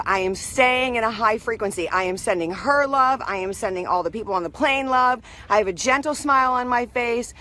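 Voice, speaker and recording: A woman's voice: fairly high pitch, fairly bright tone. A woman hosting a live video, telling a rambling personal story in a chatty way and greeting viewers as they join. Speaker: live stream host.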